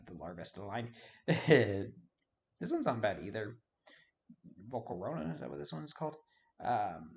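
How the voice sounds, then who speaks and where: A man giving casual video game commentary, rambling and forgetting names with self-deprecating asides. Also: on the low side. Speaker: YouTube host.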